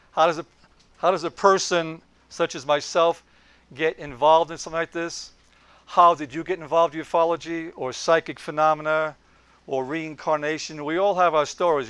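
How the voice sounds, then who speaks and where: A man's voice: on the high side, fairly bright tone, clean tone, no echo. A man, giving an anecdotal lecture to a group. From Brooklyn, New York. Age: 70s. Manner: anecdotal, leans in on quoted lines. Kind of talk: storytelling lecture.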